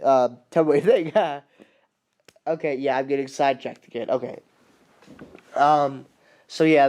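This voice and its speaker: A man casually recapping a film he loves, rambling and excited, with many fillers and restarts. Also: medium pitch, clean tone.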